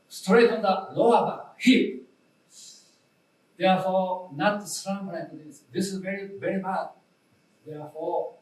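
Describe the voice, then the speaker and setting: Slow, high-voiced Japanese-accented man teaching posture. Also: darkish tone. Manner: slow, repeats key instructions, halting English. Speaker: meditation instructor. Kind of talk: guided posture demonstration. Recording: roomy lecture hall, voice from a distance.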